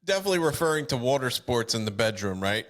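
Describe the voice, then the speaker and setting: A man's voice: medium pitch, a bit bright. A man co-hosting a casual podcast and tossing in wisecracks. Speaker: podcast co-host.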